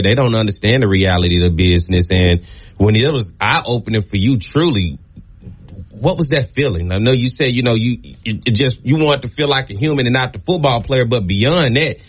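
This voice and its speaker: A man's voice: medium pitch, a little fast. A man interviewing his guest, asking questions and backing him up with frequent murmurs of agreement. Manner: attentive, frequent mm-hmm.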